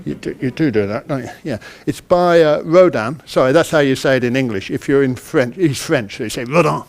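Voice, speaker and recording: A man's voice: mid-range voice, brisk. Chatty English man talking to an audience. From United Kingdom. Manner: chatty, self-deprecating, quizzes the audience. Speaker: conference speaker. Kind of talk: interactive conference talk. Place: conference hall.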